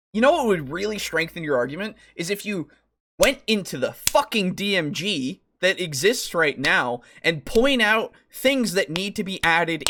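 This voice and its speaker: A podcast co-host in a casual tabletop-gaming talk show, worked up and exasperated, swearing often. The voice leaps up and down in pitch as the frustration spills out. Comments and quotes get read aloud between the outbursts. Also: fairly bright tone.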